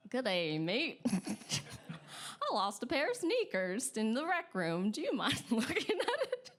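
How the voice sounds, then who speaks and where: A woman's voice: fairly high pitch, huge pitch swings, takes it slowly, fairly bright tone, pitched above the performer's own voice, full character voice. A woman putting on a laughing Australian guy. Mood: amused. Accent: put-on Australian. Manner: laughing through an exaggerated accent. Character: cheerful young Australian man on the phone.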